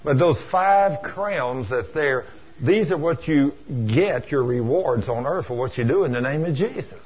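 A man's voice: on the high side, lively intonation, unhurried, husky. A man preaching a folksy story sermon, acting out dialogue, over a dull lo-fi radio broadcast. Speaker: preacher, church deacon.

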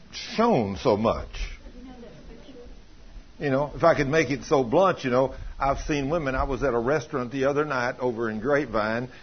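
A man's voice: medium pitch, breathy edge, highs cut off. A middle-aged man preaching a fiery sermon, folksy and emphatic, acting out the voices in his stories. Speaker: pastor.

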